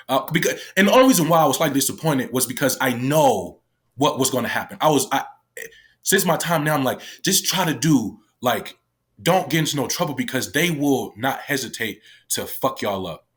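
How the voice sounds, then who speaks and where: A man's voice: mid-range voice, animated, moderate pace, fairly bright tone. A man casually recounting a personal story, candid and emotional, swearing often and acting out what others said. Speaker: guest, former youth detention worker.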